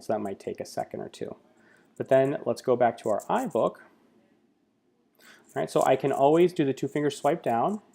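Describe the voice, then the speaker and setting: A man walks through a screen-recorded tutorial in a relaxed, mellow voice. He talks casually as a tech coach and fills his pauses with ums and uhs. His pitch sits in an ordinary middle range for a man. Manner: casual, filler-heavy explaining.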